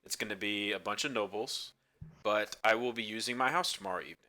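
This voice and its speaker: A man's voice: lowish voice, fast, bright, forceful tone. A man playing a tabletop game who speaks in character as a lord, assured and courteous. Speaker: player.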